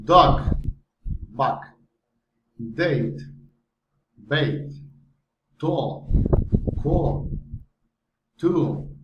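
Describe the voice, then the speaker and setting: A man reading a pronunciation drill aloud, slowly and carefully, word by word. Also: medium pitch. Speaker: phonetics student. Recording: dull echoey room recording.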